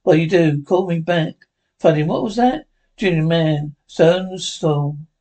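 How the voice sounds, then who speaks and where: A man's voice: a little high, takes it slowly, warm tone. A man reading a TV drama script aloud, voicing every part himself and speaking the stage directions too. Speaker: script reader.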